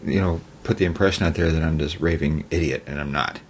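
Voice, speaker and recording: A man's voice: very deep voice, steady tone, fast talker. A tired man co-hosting a casual podcast, dry and matter-of-fact. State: tired, recovering from surgery. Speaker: podcast co-host. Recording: faint background noise.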